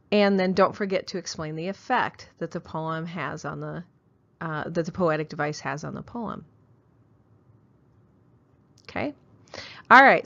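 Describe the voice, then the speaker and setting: A woman teacher lectures her class, walking through the assignment step by step and pausing to check in with "okay?". Her voice sits fairly low. The recording is muffled and lo-fi. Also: fairly bright tone. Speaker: high school English teacher.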